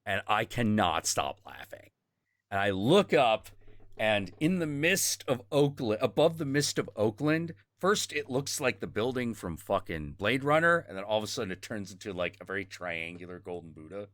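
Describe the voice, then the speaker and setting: Man, host, low voice, dry close sound, rambling profane storytelling. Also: big pitch swings, normal speed, a bit bright, no echo. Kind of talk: casual storytelling chat.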